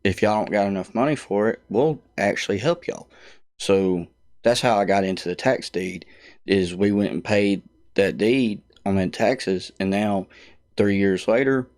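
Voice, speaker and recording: A man's voice: lowish voice, measured pace, a little mellow, no echo, studio quality. A man with a Southern accent, a guest talking in a plain-spoken, down-to-earth way in a casual interview.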